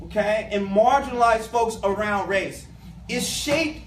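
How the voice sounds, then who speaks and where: A man's voice: high voice, measured pace. A man giving a community talk to a live audience as a guest speaker, speaking emphatically and colloquially and addressing the crowd directly. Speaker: guest speaker, education professor. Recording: echoey room, mic at a distance.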